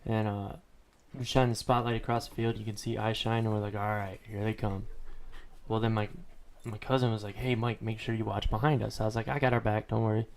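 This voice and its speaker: A man co-hosting a podcast from a home kitchen, telling a hunting story in a relaxed, profane way. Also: lowish voice, a little fast, vocal fry. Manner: relaxed storyteller, swears freely. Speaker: podcast co-host. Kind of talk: casual chat.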